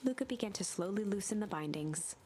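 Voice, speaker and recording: A woman narrating a game's text aloud in an even storybook manner, sometimes hushed. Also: medium pitch, fairly quick. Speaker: streamer reading narration.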